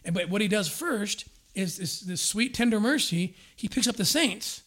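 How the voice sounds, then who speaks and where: A man explaining history in a lively conversational way, acting out quotes with frequent restarts. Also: high-pitched, moderate pace. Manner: energetic storyteller, acts out quotes with restarts. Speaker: guest discussing scripture and history.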